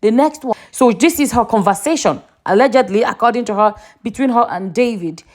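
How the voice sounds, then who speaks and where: A woman with a fairly high voice talks a little fast, chatting casually on a gossip vlog. She reads social media posts aloud, lifting her voice for the quotes.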